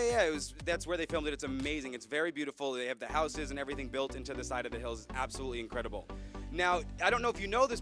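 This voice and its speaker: A young man from Florida acting as cruise director, announcing on stage to a theater audience with upbeat showman patter and corny jokes. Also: a little high.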